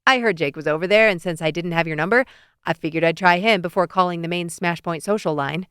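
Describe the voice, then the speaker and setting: An easygoing, good-humored fire chief in an audiobook, voiced by a woman reader. He talks in a relaxed, inviting way, with a smooth, clear tone and a dry, close sound. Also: high voice, fast talker, no room sound. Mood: friendly. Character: friendly easygoing male firefighter chief.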